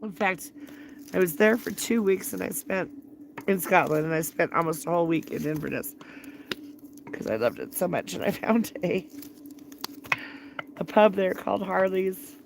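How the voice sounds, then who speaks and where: A woman's voice: fairly low pitch, lively intonation, moderate pace, gravelly, pauses often. A middle-aged woman telling a rambling story to her live stream from a campfire at night, laughing often as she talks. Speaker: livestreamer. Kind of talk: casual storytelling. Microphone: phone live stream.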